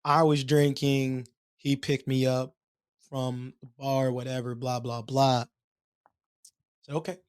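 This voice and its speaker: A man co-hosting a podcast, telling a long story in a casual, animated way and acting out the voices of the people in it. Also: mid-range voice, unhurried, clean tone, no echo, clean studio sound. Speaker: podcast co-host.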